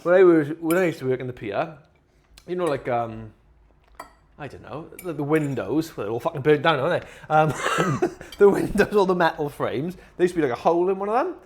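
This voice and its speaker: A man chatting on a podcast, spinning lively anecdotes and swearing freely as he acts out how he reacted. His voice sits a little higher than most men's. He plays out the moments as he tells them. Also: fairly quick. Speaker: podcast co-host. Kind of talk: casual chat.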